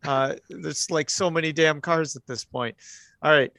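A man narrating as game master in a relaxed, joking way. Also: on the high side, unhurried, gravelly, no room sound.

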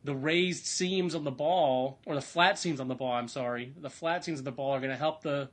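A man's voice: mid-range voice, moderate pace, a bit bright. A man, sick at the moment, talking college baseball in a rambling podcast chat with many fillers and restarts.

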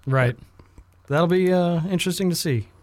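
A man's voice: on the high side, normal speed, darkish tone, no room sound. A man co-hosting a podcast in casual chat who laughs often and swears casually. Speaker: podcast co-host.

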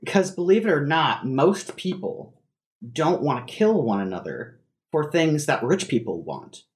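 A man's voice: fairly high pitch, sing-song, unhurried. A man co-hosting a podcast in casual chat over a video call. He rambles, swears casually and laughs often. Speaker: podcast co-host.

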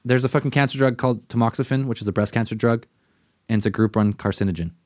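Brief: podcast co-host, man, mid pitch, swears, rants, dry close sound. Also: quick pace, dry recording. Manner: profane, animated ranting with mocking put-on quotes. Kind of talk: casual podcast chat.

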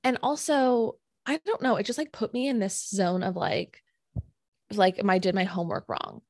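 A woman's voice: medium pitch, moderate pace, no room sound. Chatty woman telling a story, dry sound. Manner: animated, filler-heavy retelling with many "like"s. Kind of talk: casual storytelling chat.

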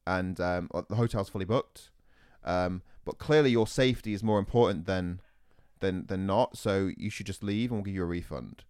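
Young male podcaster, lowish voice, lively, foul-mouthed, in a dry room. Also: smooth, dry recording. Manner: animated, swearing, quick retorts. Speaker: podcast host. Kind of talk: casual storytelling chat.

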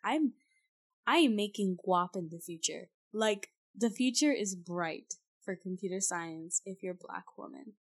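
A woman's voice: medium pitch, animated, measured pace. A teenage girl co-hosting a podcast in casual chat, bubbly and teasing, laughing often. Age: teens. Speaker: podcast co-host.

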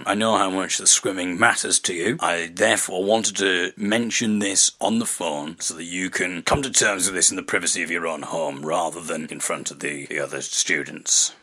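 A man's voice: low-pitched, fairly even intonation, pitched below the performer's own voice. A man playing a solemn, patronising teacher. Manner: solemn, mock-gentle, drawn-out. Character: stern older male school teacher delivering bad news.

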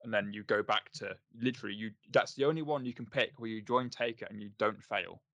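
A man co-hosting a podcast, walking through what happened with plenty of ums and acted-out lines. His voice sits a little low. The sound is dry and close, with no room echo. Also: fairly quick, a bit bright. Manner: recaps with filler ums, acts out lines. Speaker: podcast co-host. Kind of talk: casual chat review.

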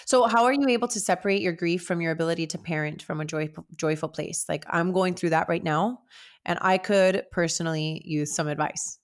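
A woman podcast host asking an interview guest measured questions. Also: fairly low pitch.

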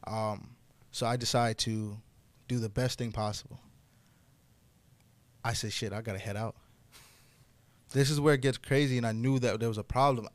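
A young man tells a story in a relaxed podcast chat. He swears freely, and his voice climbs and gets loud when the story turns wild. The sound is dry and close to the mic. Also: medium pitch, dry recording.

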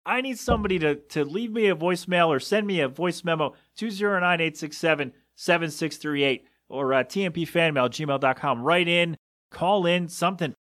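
A man's voice: on the high side, expressive, a little fast, fairly bright tone, dry recording, clean studio sound. Exasperated man hosting a solo podcast. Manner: exasperated, incredulous rambling. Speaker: podcast host. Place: small windowless room. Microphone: home podcast mixer setup.

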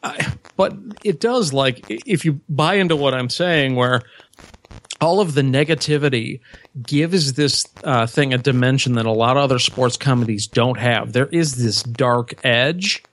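A man's voice: mid-range voice, unhurried, fairly bright tone. A man in a casual podcast chat who talks thoughtfully and hesitantly, with many fillers. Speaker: podcast co-host.

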